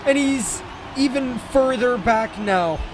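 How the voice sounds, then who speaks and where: A man casting a racing esports match with play-by-play commentary, excitable and jokey, often correcting himself mid-call. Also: extremely high pitch, slow pace, background noise. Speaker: esports caster.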